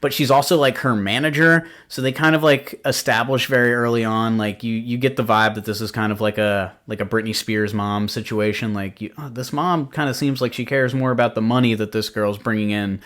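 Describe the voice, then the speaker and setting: A man's voice: mid-range voice, steady tone, brisk, few pauses, a bit bright. Rambling young man reviewing a film. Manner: rambling, heavy filler words. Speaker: podcast host. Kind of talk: casual film review chat.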